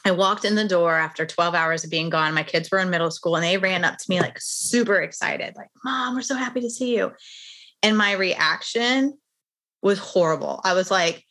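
A woman's voice: lowish voice, normal speed, fairly bright tone. A middle-aged woman, a podcast guest and author, telling a personal story in an earnest, candid way.

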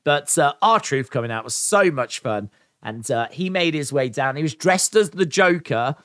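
A man's voice: a little high, animated, moderate pace, fairly bright tone, no echo, clean studio sound. A man giving a casual spoken recap of a wrestling show as its reviewer, enthusiastic and chatty, with frequent "uh" and "um" fillers.

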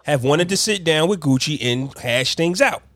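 A man's voice: on the high side, animated, moderate pace, fairly bright tone, no room sound. A man in a casual debate chat, reasoning his point with many restarts and hedges. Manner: reasoning, hedging, restarts often.

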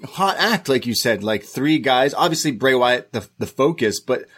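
A man with an ordinary mid-pitched voice chats as a podcast co-host. He rambles, restarts his sentences and leans on fillers. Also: animated, moderate pace, fairly bright tone, husky. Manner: rambling, filler-heavy with repeated words. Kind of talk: casual chat.

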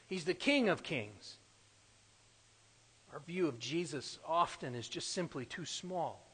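A man's voice: fairly high pitch, expressive, slow pace, slightly rough. Emphatic preacher man in a reverberant hall. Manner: emphatic, swinging from loud declarations to quiet asides. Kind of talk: sermon.

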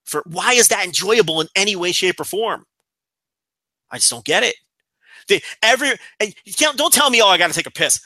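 A man's voice: high voice, expressive, moderate pace, long pauses, sharp tone, no room sound. A man co-hosting a podcast, ranting in a profane, emphatic, casual chat. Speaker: podcast co-host.

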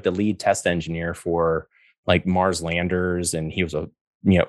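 A middle-aged man telling a story in a casual, animated way, acting out the dialogue and laughing often. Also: sits low, dry recording, clean studio sound. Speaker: guest.

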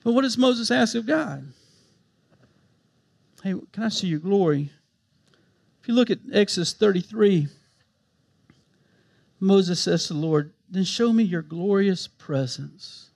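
A pastor with a high voice delivers a sermon. He drops to soft, quiet reassurance, then rises into emphatic, impassioned stretches, pressing each point. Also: expressive, unhurried, vocal fry. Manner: impassioned preaching that swings from hushed to emphatic.

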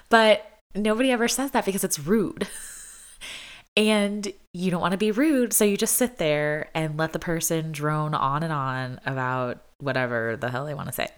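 A woman's voice: low-pitched, normal speed, smooth. A young adult woman vlogging in a casual, chatty way, filling her talk with "like" and laughing often. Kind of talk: casual chat.

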